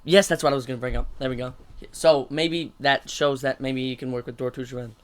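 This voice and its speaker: A man's voice: medium pitch, fairly even intonation, fairly quick. A man co-hosting a casual sports podcast, talking in an eager, rambling way about a match. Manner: eager, rambling fan talk. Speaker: podcast co-host.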